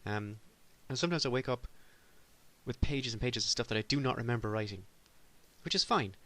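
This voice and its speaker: A man's voice: mid-range voice, expressive, fairly quick, pushed and bright. Rambling, exasperated male podcast host. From Ireland. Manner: rambling, self-deprecating, with sudden exasperated outbursts. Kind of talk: solo comedic monologue.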